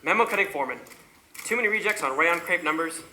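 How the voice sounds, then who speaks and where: A woman's voice: on the low side, animated, fast talker, noisy background, close to an everyday voice. A woman playing a wisecracking, confident male factory superintendent in a stage musical, wry and flirtatious, recorded in an echoey hall. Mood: brisk. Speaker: stage actor. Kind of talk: amateur stage musical acting.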